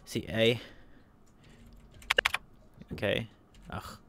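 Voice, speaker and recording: Fast-talking man doing game commentary. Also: lowish voice, fairly even intonation, creaky, very noisy. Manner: narrates each move, spells out letters, repeats phrases. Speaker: let's play gamer.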